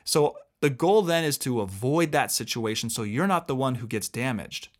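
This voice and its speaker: A man's voice: medium pitch, expressive, moderate pace. A man co-hosting a talk, giving earnest and emphatic advice in a lecturing way. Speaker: co-host.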